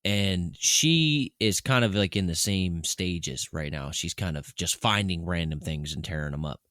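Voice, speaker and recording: A man's voice: low-pitched, a little slow, fairly bright tone, no room sound, studio quality. A man co-hosting a podcast, chatting casually and acting out talks with his pet. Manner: chatty storyteller, acts out talks with his cat. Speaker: podcast co-host. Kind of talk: casual chat.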